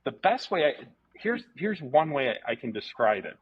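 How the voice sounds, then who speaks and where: A man, a martial arts instructor, telling stories casually as a guest, animated, repeating words and swearing freely. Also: medium pitch, moderate pace, slightly rough. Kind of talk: casual storytelling interview. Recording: dull lo-fi podcast audio.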